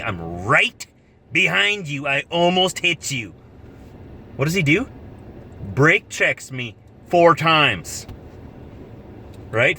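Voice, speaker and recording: A man's voice: mid-range voice, pushed and bright, a little hiss or hum. A man driving a truck and vlogging, telling a long story with rising exasperation. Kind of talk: casual vlog rant. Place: in and around a truck, near traffic.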